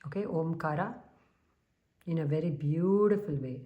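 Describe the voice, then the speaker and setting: Calm low-voiced woman. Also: muffled recording. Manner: calm, unhurried, with soft humming pauses. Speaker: tarot reader. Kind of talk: spiritual tarot reading to viewers.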